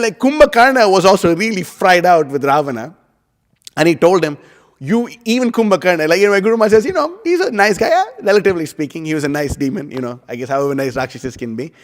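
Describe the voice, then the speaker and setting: A man giving a casual scripture class, rambling and animated, with lots of "you know" and "like". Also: high voice, fast talker. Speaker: devotional class speaker. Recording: long hall reverb.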